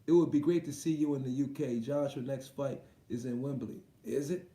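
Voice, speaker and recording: A man's voice: mid-range voice, moderate pace, warm tone, roomy sound. A man hosting a boxing livestream, reading viewer comments aloud and reacting in loose, slangy, profane casual chat.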